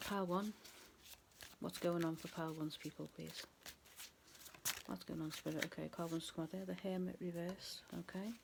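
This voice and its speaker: A woman chats her way through a tarot reading, rambling and laughing at herself. Her low voice is gravelly with fry and stays fairly flat in pitch, and a faint hiss sits under the recording. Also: normal speed. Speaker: tarot reader. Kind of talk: casual tarot reading to camera.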